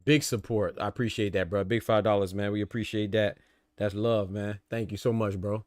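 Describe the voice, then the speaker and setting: Laid-back low-voiced podcast host man. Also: fairly even intonation, moderate pace, a little mellow, no echo, studio quality. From American South. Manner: laid-back, slangy, repeats "man" and "you know what I'm saying". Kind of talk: casual boxing podcast talk.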